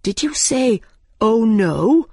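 A woman voicing the White Rabbit, a nervous male rabbit who speaks in a hushed, secretive way. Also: on the high side, sing-song, takes it slowly, husky, dry recording, clean studio sound, voice pushed up, heavily acted.

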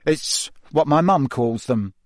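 A man's voice: on the high side, animated, slow, no room sound, clean studio sound. A man voicing a jealous, hot-tempered teenage schoolboy wizard in an audiobook, talking in an agitated hiss. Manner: hissing and agitated.

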